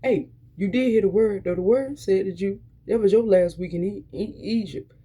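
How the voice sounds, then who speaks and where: A woman's voice: mid-range voice, normal speed, mellow, husky. A woman preaching a weekly motivational encouragement, fervent and repetitive, urging listeners on with many restarts. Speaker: motivational speaker.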